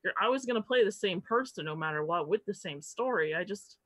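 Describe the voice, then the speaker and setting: A woman telling a story as a guest in casual podcast chat, animated and swearing casually. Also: medium pitch, brisk, no echo.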